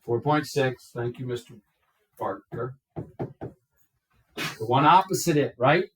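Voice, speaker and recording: A man teaches a math class, walking through each step slowly and checking in with students by asking "okay?". His medium-pitched voice is animated and fairly bright, captured from far off in an echoey classroom with slight background noise.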